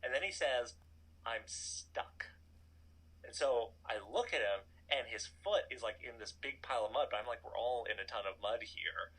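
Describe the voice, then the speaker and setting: A man in his thirties telling a personal story in a casual, animated way, full of "like" and asides. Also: medium pitch, a little fast, few pauses, breathy edge, rough recording. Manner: animated, chatty, filler-heavy "like". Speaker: storytelling guest.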